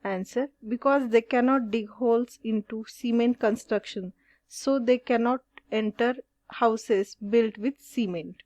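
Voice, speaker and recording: Slow, dry-voiced woman teacher. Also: on the high side, a little mellow, dry recording. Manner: slow, deliberate question-and-answer reading. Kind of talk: reading out solved exercise answers.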